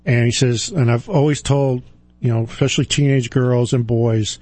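A man in his sixties with a warm, mellow tone and a dry, close sound. He speaks as a financial advisor, reflective and halting, often pausing on fillers and starting over. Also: medium pitch, fairly even intonation, no room sound. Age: 60s. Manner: halting, with frequent fillers and restarts. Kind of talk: reflective personal talk.

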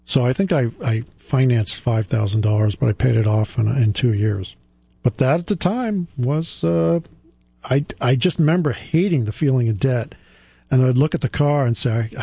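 A man's voice: mid-range voice, moderate pace, vocal fry, dark tone, slightly rough, dry recording. A man in his sixties hosting a radio finance show, talking in an emphatic way, repeating his key points and joking about himself. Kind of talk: radio talk monologue.

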